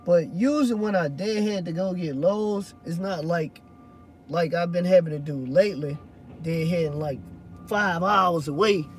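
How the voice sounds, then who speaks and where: High-voiced rambling trucker. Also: male voice, normal speed, mellow, faint music behind. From Louisiana. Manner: loose and rambling, swears when annoyed. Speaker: hotshot truck driver. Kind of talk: casual vlog chat answering viewers.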